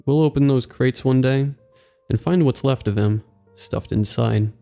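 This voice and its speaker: A man voicing a gruff, gossipy older mover who speaks in grim warnings. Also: mid-range voice, a little slow, dark tone, soft background music. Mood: ominous.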